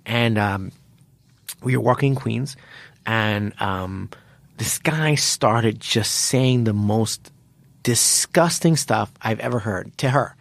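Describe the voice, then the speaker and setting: A man with a gravelly, fry-tinged voice talks on a podcast, recorded close and dry. He tells stories animatedly, stumbling and restarting as he goes. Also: mid-range voice, dry recording. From United States. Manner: animated storytelling with many restarts and fillers. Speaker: podcast host. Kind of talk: casual podcast chat.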